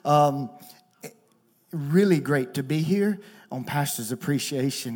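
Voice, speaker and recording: A man preaching as a guest pastor at a church, talking fast, emotional and effusive. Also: on the high side, animated, a little mellow. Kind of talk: sermon. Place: church stage.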